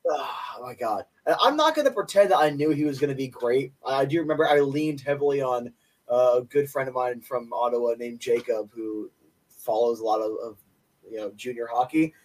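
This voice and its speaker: A young man co-hosting a sports podcast, running through stats in an enthusiastic, opinionated way. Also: mid-range voice. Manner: enthusiastic, opinionated, quick stat rundowns. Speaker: podcast co-host. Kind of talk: casual sports podcast chat. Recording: voice a bit distant from mic.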